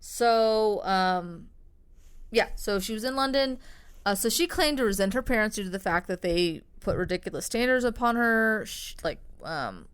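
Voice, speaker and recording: A woman's voice: mid-range voice, lively intonation, normal speed, clean tone. Rambling woman podcaster, casual and sweary. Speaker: podcast co-host. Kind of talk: casual true-crime chat.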